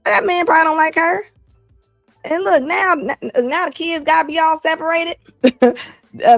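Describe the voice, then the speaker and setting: A woman host riffing on clips in casual reaction commentary, animated and incredulous, with slangy, fired-up delivery. Her voice sits a little high and sounds dry and close, with faint music behind her. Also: no echo.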